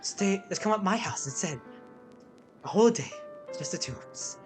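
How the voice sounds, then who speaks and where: A man voicing a soft-spoken young woman who talks in a hushed, creepy, intense way. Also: high-pitched, animated, moderate pace, music in the background, pitched above the performer's own voice.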